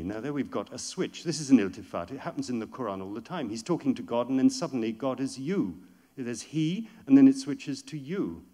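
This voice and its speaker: A man's voice: mid-range voice, expressive, a little fast, warm tone. A man lecturing on poetry, explaining passages step by step and reading verse aloud with rising force.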